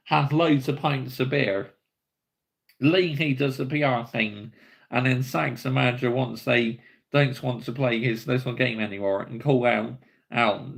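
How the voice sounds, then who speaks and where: A man's voice: medium pitch, creaky, fairly bright tone. A young man hosting a football fan channel, ranting in blunt, heated commentary and swearing freely.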